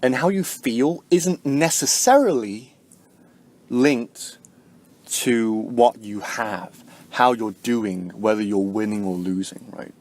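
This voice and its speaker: A man talks through spiritual ideas in a casual vlog. His voice sits a little low, but it leaps up sharply whenever he stresses a point. He rambles and keeps checking in with "right?" as he goes. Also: slow. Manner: rambling, heavy use of fillers like "like" and "right?"; swings sharply up in pitch and loudness to stress points. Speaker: spiritual vlogger. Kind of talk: casual spoken explanation to camera.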